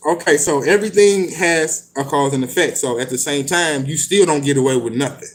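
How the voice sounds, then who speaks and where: Male host, slightly high voice, casual profane commentary on book passages. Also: a little hiss or hum. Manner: reads passages slowly, then riffs in blunt slangy talk with profanity and laughs.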